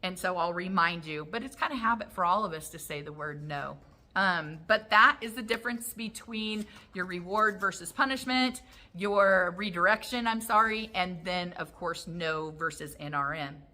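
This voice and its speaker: A woman teaching a dog training lesson, explaining calmly and acting out how she calls the dog. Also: lowish voice, normal speed. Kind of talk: instructional talk.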